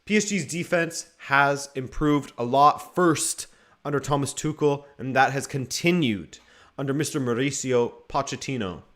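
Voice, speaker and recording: A man's voice: medium pitch, moderate pace, a bit bright. A man hosting a live football watchalong, giving casual, joking commentary and reading viewer comments aloud. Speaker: watchalong host.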